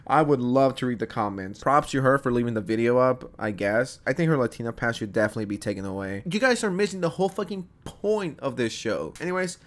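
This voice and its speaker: A man hosting sarcastic reaction commentary, swearing freely and swinging into mock excitement. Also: medium pitch, quick pace, few pauses. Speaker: commentary host.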